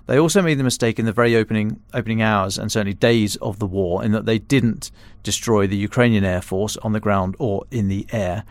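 With a lowish voice on a dry recording, a man who edits defence and security coverage gives explanatory analysis on a casual podcast. He often halts and starts over mid-phrase.

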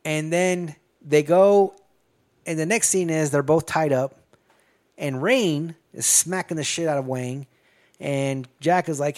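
A man with a slightly high, somewhat mellow voice recaps a movie plot in an unhurried, casual chat. His retelling rambles and is profane, full of restarts and asides.

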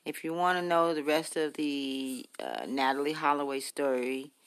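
A man hosting his own podcast in a rambling monologue, halting and repeating himself with many fillers, blunt and heated. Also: a little high, lively intonation, fairly bright tone, clear, resonant tone. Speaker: podcast host.

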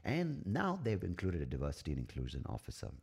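Deep-voiced, sweary male podcast ranter. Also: wildly swooping pitch, quick pace, gravelly, a little mellow, breathy edge. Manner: profane, sarcastic, opinionated. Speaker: podcast host. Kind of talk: solo podcast rant.

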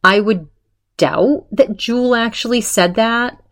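A woman's voice: fairly high pitch, measured pace, a bit bright. A woman hosting a podcast, chatting casually as she retells a story, full of fillers and quoted voices. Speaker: podcast host.

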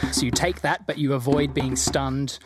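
A man's voice: mid-range voice, fairly even intonation, normal speed. A man running a tabletop game as game master, narrating loosely with fillers and laughs. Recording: music playing loudly behind.

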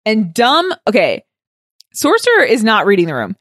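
A woman in an expressive, casual chat whose pitch moves a lot as she reacts. She recaps scenes eagerly. The sound is dry and close. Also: normal speed, no room sound. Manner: expressive, excited outbursts.

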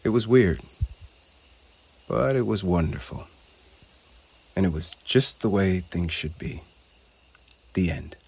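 A man narrating a children's storybook in a gentle, measured way. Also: deep voice, animated, slightly rough.

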